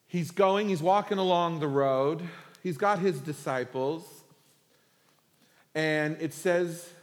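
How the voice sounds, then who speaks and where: Animated, joking male preacher. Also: on the high side, slow pace, long reverb tail. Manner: animated, humorous, conversational. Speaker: pastor. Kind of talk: sermon.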